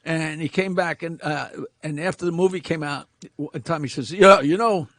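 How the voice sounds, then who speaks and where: A man's voice: fairly high pitch, fairly even intonation, moderate pace. A man chiming in with profane, offhand remarks and a story in casual chat.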